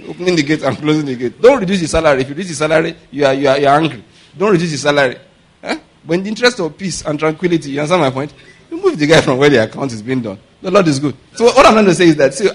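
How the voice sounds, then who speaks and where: A male pastor, preaching a conversational sermon and often checking that listeners follow. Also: a little high. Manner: conversational preaching, keeps asking if the audience gets his point.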